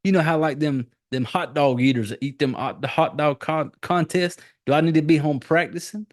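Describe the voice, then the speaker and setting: Forties male host, loose and foul-mouthed, a touch high-pitched, telling a film's plot like a story to friends. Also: moderate pace. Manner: profane, rambling storyteller. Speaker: podcast host. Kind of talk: casual movie recap.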